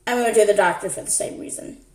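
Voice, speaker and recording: A woman's voice: medium pitch, fast talker, lightly acted. A woman voicing a male wolf pretending to be a touchy old grandmother, who answers in a huffy, scolding tone. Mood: evasive. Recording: echoey room.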